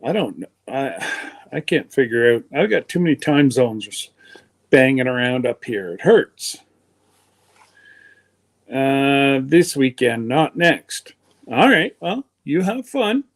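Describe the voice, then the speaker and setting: A man's voice: mid-range voice, animated, slow pace. A man hosting a live stream in a folksy, meandering way, his chest congested from pneumonia. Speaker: livestream host. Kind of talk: rambling casual chat.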